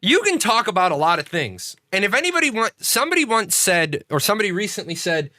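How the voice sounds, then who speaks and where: A man's voice: high-pitched, sing-song, fast, bright, forceful tone, no echo. A man hosting a casual livestream, telling rambling stories full of swearing and restarts. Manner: profane, ranting storyteller. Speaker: streamer hosting a game community show.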